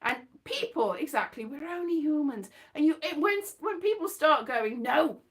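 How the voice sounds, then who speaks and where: A woman's voice: high-pitched, animated, normal speed. A woman chatting casually in a rambling, jokey way, often laughing and restarting her sentences. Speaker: host. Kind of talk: casual chat.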